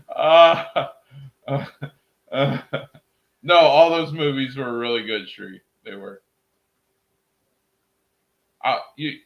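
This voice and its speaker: A man's voice: medium pitch, animated, slow, long pauses, a bit bright. A man casually chatting with viewers on a livestream, joking around and laughing often. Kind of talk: casual live chat.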